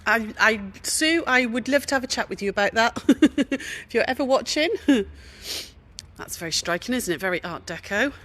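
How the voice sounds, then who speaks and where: A middle-aged woman hosting a casual walk-around vlog at a quilt show, chatty and gushing, dropping to hushed admiration. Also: fairly high pitch, expressive, normal speed. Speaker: craft shop host showing a quilt show. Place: large indoor exhibition hall.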